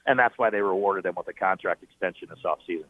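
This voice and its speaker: Low-voiced man on a tinny phone line. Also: quick pace, dry recording. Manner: animated storyteller, lots of fillers and restarts. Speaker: team play-by-play broadcaster, guest. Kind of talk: sports talk radio interview. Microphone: phoning in.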